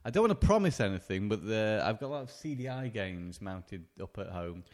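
A man's voice: lowish voice, expressive, fairly quick, darkish tone. A man co-hosting a podcast, speaking hesitantly with lots of restarts in casual chat. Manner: hesitant, many restarts and fillers. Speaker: podcast co-host.

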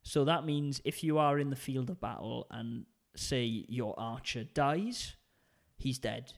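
A man's voice: mid-range voice, slow pace, gravelly. Chatty Welsh man. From Wales. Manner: rambling, chatty storytelling. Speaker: podcast co-host. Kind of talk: casual chat.

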